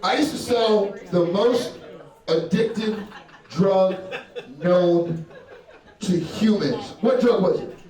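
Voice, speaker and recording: A man's voice: high-pitched, slow pace, pauses often, a little mellow. Young guy doing standup, swears a ton, laughs at his own bits, echoey club sound. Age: young adult. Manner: brash, crowd-work, swears a lot, laughs at own jokes. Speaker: stand-up comedian. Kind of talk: stand-up comedy set. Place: comedy club stage. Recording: roomy live venue from a distance with crowd.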